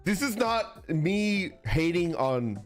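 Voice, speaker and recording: A man streaming, chatting casually with viewers, rambling and swearing through animated rants. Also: high-pitched, slow pace, faint music behind. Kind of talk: casual chat reacting to viewers.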